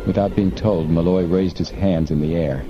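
A man narrating an audiobook in a measured, steady manner. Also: deep voice, muffled recording, over music. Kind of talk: scripted narration.

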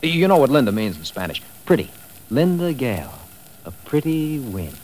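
An actor playing a salesy, excitable Hollywood publicity man in a 1950s radio drama, heard in an old broadcast recording with music behind him. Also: medium pitch, normal speed, a little hiss or hum, close to an everyday voice. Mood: pitching. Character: pushy fast-talking male Hollywood publicity man.

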